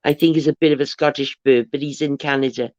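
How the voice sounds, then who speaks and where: A woman's voice: very deep voice, steady tone, fast talker, darkish tone, no room sound. Woman host, chatty rambler, dull dry lo-fi stream audio. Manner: chatty storyteller, rambling with restarts. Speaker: livestream host. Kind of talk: casual livestream chat.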